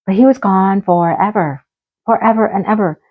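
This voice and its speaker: A woman's voice: medium pitch, normal speed. A middle-aged woman, a teacher, chatting casually in her craft vlog, telling a story with a lot of laughter and acting out the dialogue. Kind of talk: casual chat while crafting. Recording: slightly dull lo-fi audio.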